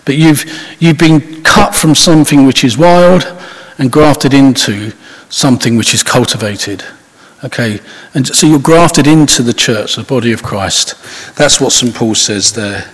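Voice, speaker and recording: A man's voice: mid-range voice, a little slow. A man giving an informal, conversational sermon, rambling with restarts and asides. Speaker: preacher. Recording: husky voice in long hall reverb.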